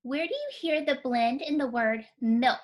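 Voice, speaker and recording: A woman teaching a phonics lesson to young children, sounding out words slowly, clearly and encouragingly. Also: high voice. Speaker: kindergarten teacher.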